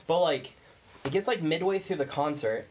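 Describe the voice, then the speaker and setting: A man's voice: on the high side, expressive, moderate pace, slight background noise. A young man co-hosting a podcast, telling a long story in casual chat, rambling with lots of "like" and swearing. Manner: rambling, heavy use of "like", swearing. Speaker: podcast co-host.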